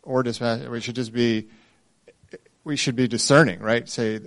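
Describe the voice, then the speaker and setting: Brief: man, mid pitch, sincere and deliberate, thinking out loud in a discussion. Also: fairly even intonation, gravelly. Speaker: congregation member asking a question. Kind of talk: casual discussion.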